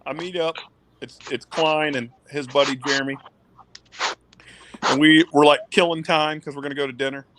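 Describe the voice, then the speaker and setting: A man in his thirties spins a rambling, profane story in a slightly high voice. He bounces through it, acting out the other people's lines as he goes. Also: moderate pace, long pauses, noisy background. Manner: animated, swearing, acts out quotes. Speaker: guest, former pitcher. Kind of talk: casual storytelling.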